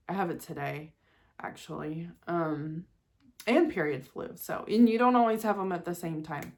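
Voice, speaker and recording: A woman's voice: low-pitched, creaky. A woman in her forties, possibly, chatting candidly and emotionally to her viewers in a casual vlog, laughing at herself now and then. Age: 40s. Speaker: vlogger. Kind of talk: casual personal chat to camera.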